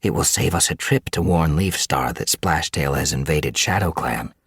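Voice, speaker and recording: A man's voice: extremely low pitch, normal speed, fairly bright tone, husky, dry recording, studio quality, exaggerated voice. A man reading an audiobook, voicing a practical female warrior cat in a firm, no-nonsense way.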